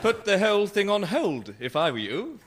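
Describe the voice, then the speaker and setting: A silly, foppish Victorian gentleman in a radio comedy sketch. His high voice moves a lot, over clear background noise. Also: sing-song, normal speed.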